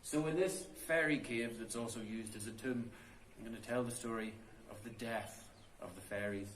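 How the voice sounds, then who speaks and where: This storyteller's fairly low voice moves at normal speed as he shares a folk tale in a chatty, off-the-cuff way. He's inside a stone cave tomb, with a roomy cave echo and slight background noise around his oral folk storytelling.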